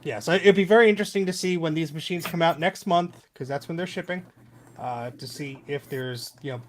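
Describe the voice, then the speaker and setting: A man's voice: on the high side, brisk, a little hiss or hum. A man hosting a casual tech podcast, chatty and loose, joking and filling his talk with ums and restarts.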